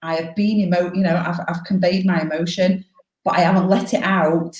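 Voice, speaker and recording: A woman coaching live, explaining advice in a frank, animated way and swearing freely. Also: on the low side, a little fast, echoey room, dull audio. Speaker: life coach.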